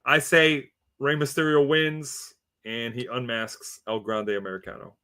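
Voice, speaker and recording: A man co-hosting a casual podcast of wrestling predictions, talking in an animated way with theatrical reveals. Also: medium pitch, unhurried, clear, resonant tone. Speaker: podcast co-host.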